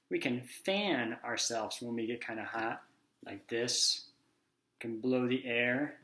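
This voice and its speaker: A man leads a children's phonics lesson at an unhurried, deliberate pace. He sounds out each letter and then acts out the word. His voice sits at a middle pitch. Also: sharp tone. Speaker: teacher.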